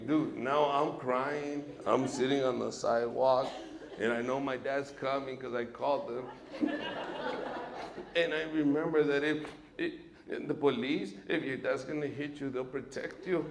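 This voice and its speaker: A man performs stand-up on a comedy stage, telling his stories at an unhurried pace and acting out the people in them. His voice is gravelly and swings widely in pitch. The sound is roomy and echoing, and loud crowd laughter rises behind him. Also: heavy background noise. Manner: storytelling, animated, acts out voices of his dad and the police. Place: comedy stage before a live audience. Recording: echoey stage recording with loud audience laughter.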